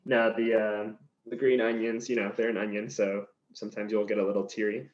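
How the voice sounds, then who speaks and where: A man's voice: on the low side, little pitch movement, a little fast. A male chef giving a cooking demonstration, explaining each step in an easygoing, chatty way as he chops vegetables in a kitchen. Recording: slightly dull sound with faint noise.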